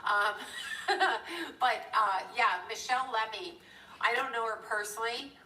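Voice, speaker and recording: A woman's voice: fairly high pitch, a little slow, sharp tone. A middle-aged woman hosting a live stream, telling a rambling story in a chatty, digressive way and breaking off to thank viewers. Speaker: livestream host. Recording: echoey room, a bit far from the mic.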